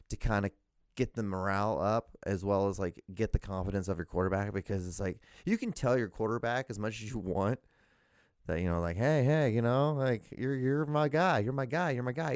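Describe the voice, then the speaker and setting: A man's voice: on the low side, darkish tone, no echo, clean studio sound. A man hosting a solo podcast, rambling casually and profanely, drifting between tangents and laughing at himself. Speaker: podcast host.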